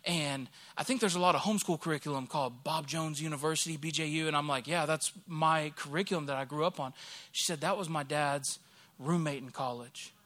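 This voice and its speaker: A man in his thirties, a pastor from Alabama, preaching a sermon through a lively personal story and acting out the people he quotes. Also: on the high side, fairly quick.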